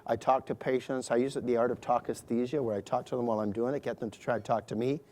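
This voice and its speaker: A man's voice: mid-range voice, steady tone, fast, darkish tone. A middle-aged man, a surgeon, narrating a live procedure demonstration to an audience, explaining each step with chatty, joking asides.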